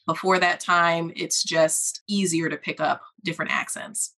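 A woman with a slightly low voice speaks as a guest on a professional podcast. She explains her field in a measured, deliberate way, choosing her words with care. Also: steady tone, bright, forceful tone. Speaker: guest speech-language pathologist. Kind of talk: podcast interview.

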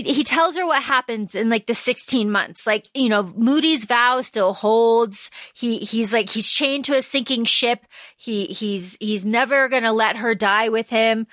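A woman co-hosting a podcast, casually recapping a story in an animated way and half acting out the lines as she goes. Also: fairly high pitch, unhurried, no echo, clean studio sound. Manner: animated retelling, acts out lines in passing. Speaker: podcast co-host.

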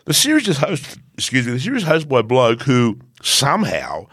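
A man's voice: medium pitch, wildly swooping pitch, brisk, fairly bright tone, dry recording, studio quality. A man co-hosting a casual, sweary motorbike podcast. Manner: loose, sweary, laughing. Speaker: podcast co-host.

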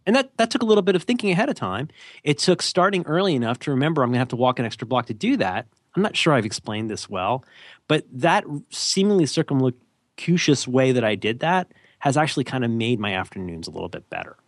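With a mid-range voice, a very animated delivery, and a fast pace, a podcast co-host offers conversational advice. He rambles, restarts frequently, and pokes fun at himself, captured in a dry recording with clean studio sound.

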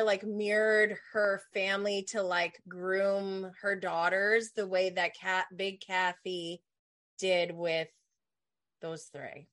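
Woman, podcast guest, unhurried, bright tone, tentative gossip. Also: mid-range voice, flat delivery. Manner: laid-back, tentative, throws out theories. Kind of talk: casual gossip chat.

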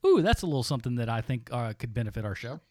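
A man's voice: medium pitch, very animated, very fast, a little mellow, dry recording, studio quality. A man co-hosting a casual movie podcast, rambling with many restarts and frequent laughter. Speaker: podcast co-host. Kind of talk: casual chat.

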